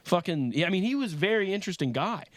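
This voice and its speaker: A young man swearing his way through a rowdy story for a podcast, his words tumbling out fast. The recording is dry and close, with no room sound. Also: high-pitched, no echo. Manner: profane, animated storyteller. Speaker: podcast co-host. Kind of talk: casual chat, storytelling.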